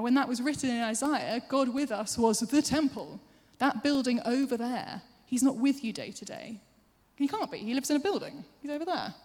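A woman preacher giving a sermon, chatty and self-deprecating, with quick asides to the congregation. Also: on the high side, darkish tone. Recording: long hall reverb.

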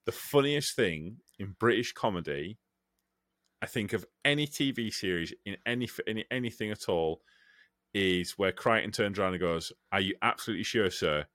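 Man, podcast host, lively swinging pitch, dry close sound, casual, swears a lot. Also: normal speed, no room sound. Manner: animated, swears freely, rambling tangents. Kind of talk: casual chat.

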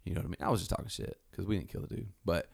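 A guest storyteller with a low, creaky, slightly rough voice tells a rowdy story very fast and casually. He is animated, swears, and acts out what people said in raised voices.

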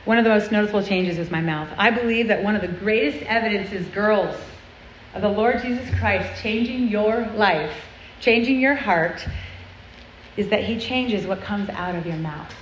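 A woman's voice: medium pitch, normal speed, slight background noise. A woman giving an earnest, confessional talk to a group of girls, conversational and full of tag questions. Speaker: speaker at a girls' church event. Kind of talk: sermon. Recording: roomy, muffled sound with faint ambience.

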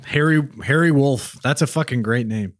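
A man's voice: medium pitch, normal speed, no room sound, clean studio sound. A man co-hosting a podcast, joking and swearing freely in casual chat. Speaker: podcast co-host.

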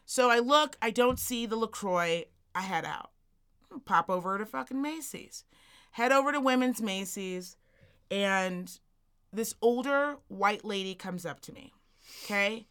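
A woman co-hosting a podcast, telling a comedic story in a sassy, profane, animated way. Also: medium pitch, unhurried, clear, resonant tone. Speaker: podcast co-host.

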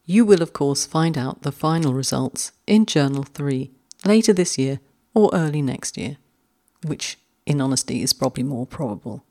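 A woman hosting a poetry podcast, speaking with warm enthusiasm and slowing down to savour lines read aloud. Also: deep voice. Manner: animated, slows right down to read poems aloud. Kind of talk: podcast commentary on haiku.

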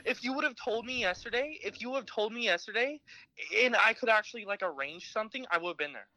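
A man's voice: sits high, animated, fast talker, pushed and bright, dry recording, poor audio. A young man on a call with friends, insulting and argumentative. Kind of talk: casual chat.

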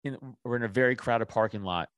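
A man, a podcast guest, telling a story in casual chat, animated and full of swearing. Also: lowish voice, fast, clear, resonant tone, no echo.

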